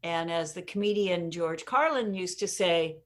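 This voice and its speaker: A woman's voice: lowish voice, a little slow. A woman being interviewed, telling stories with energy and emphasis and laughing at her own jokes. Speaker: interview guest, communication expert. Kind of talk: conversational interview.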